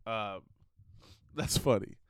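A man's voice: on the low side, slow pace, smooth, no room sound, studio quality. A young man hosting a podcast, rambling in a casual monologue full of fillers and laughter. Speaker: podcast host. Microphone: computer recording setup.

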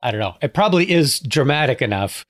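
A man's voice: mid-range voice, very animated, fast talker. A man co-hosting a podcast, chatting casually and playfully, throwing out ideas and jokes. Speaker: podcast co-host. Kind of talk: casual chat.

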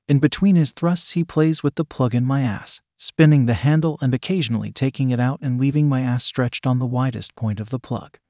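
Man narrator, erotic story reading, steady and unhurried, mid pitch, dry close sound. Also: no echo.

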